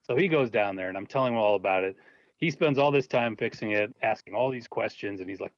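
In dull, dry lo-fi audio with no room sound, a low-budget filmmaker speaks quickly in a fairly low voice. As an interview guest he tells an animated story, laughing casually and putting on the voices of the people involved.

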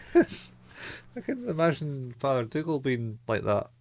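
A man co-hosting a casual podcast chat, retelling anime plot points haltingly with many fillers. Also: mid-range voice, big pitch swings, darkish tone. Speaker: podcast co-host.

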